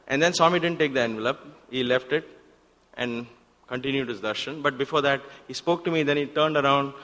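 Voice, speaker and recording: A man, telling a personal story in a talk at a devotional center and acting out the exchanges in sudden loud bursts. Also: mid-range voice, a little fast, slight background noise. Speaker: guest speaker at a spiritual center. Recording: long hall reverb.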